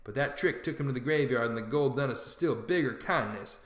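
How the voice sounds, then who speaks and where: A man voicing a sharp-tongued, scornful male swindler who calls himself a duke, in a storybook reading. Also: mid-range voice, roomy sound, close to an everyday voice. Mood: scolding. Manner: scornful, brisk, sarcastic.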